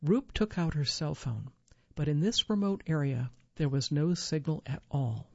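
A woman reading a magazine article aloud for a reading service, in a clear, even, measured way. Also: deep voice, no room sound, highs cut off. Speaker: volunteer reader for a reading service. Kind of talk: scripted narration of magazine article.

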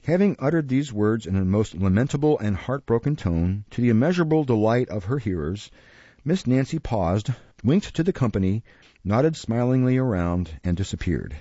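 A man reading a classic novel aloud in a measured, expressive storybook narration, recorded close and dry in a dull lo-fi recording. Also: on the low side, no room sound. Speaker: audiobook narrator.

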